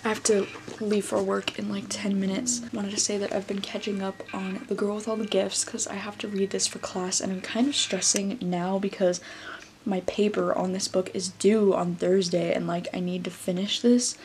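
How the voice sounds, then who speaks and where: A woman's voice: mid-range voice, flat delivery, moderate pace. Young woman vlogger, casual and stressed, lots of "like" and swearing, faint hiss behind. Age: young adult. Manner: filler-heavy, swears often. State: stressed and upset. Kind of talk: casual vlog talk.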